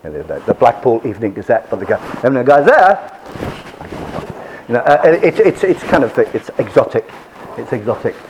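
A man's voice: medium pitch, sing-song, a little fast, darkish tone, slight background noise, poor audio. A man giving a classroom lecture with slides, chatty, often repeating and restarting his phrases.

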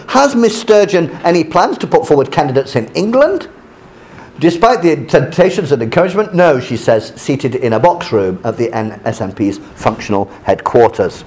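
A man teaching by reading a news article aloud and explaining it, pausing often with fillers. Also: mid-range voice, darkish tone. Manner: halting explanations with many fillers between read passages.

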